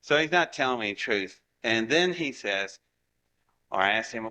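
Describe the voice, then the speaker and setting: A man in his seventies from Ohio telling anecdotes in a lively way and acting out the dialogue. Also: mid-range voice, normal speed. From Ohio, United States. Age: 70s. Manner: acts out dialogue with lively voices. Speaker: guest storyteller. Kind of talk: animated anecdotal storytelling.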